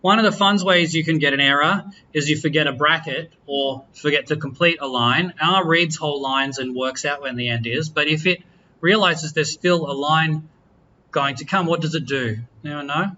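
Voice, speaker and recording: A man talks through software for a lecture room, easygoing and a little rambling, often stopping to fix himself. His voice sits fairly high and bright, with a slightly dull, lo-fi recording and a faint hum of room noise behind him. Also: moderate pace. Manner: relaxed, chatty, self-correcting, jokes with students. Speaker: university lecturer. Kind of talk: classroom software walkthrough.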